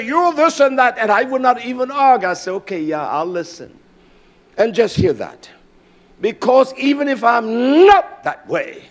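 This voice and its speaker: In a very high voice, a man delivers an emphatic sermon, leaning on repeated key words. Frequent "uh" pauses alternate with bursts of louder speech.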